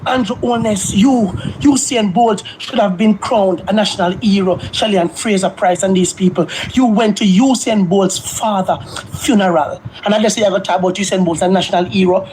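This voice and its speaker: A man with a Jamaican accent giving an impassioned street speech, shouting, his voice breaking with emotion. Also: high-pitched, normal speed, a little hiss or hum, rough recording. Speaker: protester speaking in a played clip.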